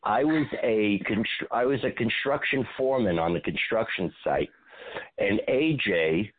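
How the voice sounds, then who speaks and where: A man, an actor, telling animated show-business stories as a radio guest and acting out what people said. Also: lowish voice, measured pace, narrow, tinny audio. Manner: animated storyteller, acts out quotes.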